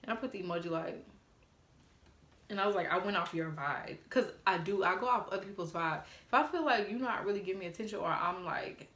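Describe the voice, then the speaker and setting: A woman telling a casual storytime on her phone, animated and swearing freely as she quotes text messages aloud. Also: mid-range voice, fairly quick, echoey room. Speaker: vlogger.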